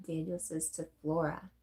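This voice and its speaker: Middle-aged woman, low voice, stuffy nose; casual stream host reading chat aloud. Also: creaky. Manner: reads viewer comments aloud and chats back softly.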